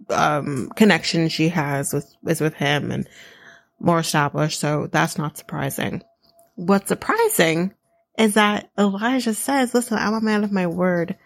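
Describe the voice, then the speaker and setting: A woman's voice: fairly low pitch, creaky, no room sound. A woman hosting a chatty solo podcast, blunt and sarcastic, cursing freely as she recaps. Her talk is loose and full of laughing asides to her listeners. The sound is dry and close. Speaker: podcast host recapping a reality show. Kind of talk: casual solo recap chat.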